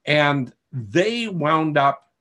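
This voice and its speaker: Male webinar coach, slightly high voice, patient explainer who keeps checking in, video call audio. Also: sing-song, drawn-out words, sharp tone. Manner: explains patiently, checks in with listeners, many restarts. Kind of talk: live online teaching session. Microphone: video call microphone.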